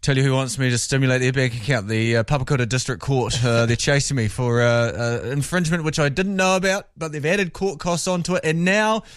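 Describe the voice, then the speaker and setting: A man's voice: medium pitch, a little fast, few pauses, clear, resonant tone, dry recording, studio quality. A man with a New Zealand accent hosting breakfast radio, bantering in a joking, blokey way. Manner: joking, blokey, says bloody a lot. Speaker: radio host.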